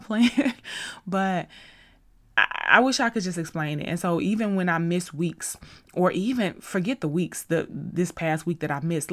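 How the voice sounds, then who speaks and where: Chatty woman podcast host, slightly low voice. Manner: chatty, rambling and effusive. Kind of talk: casual faith-based podcast monologue. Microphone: studio podcast mic.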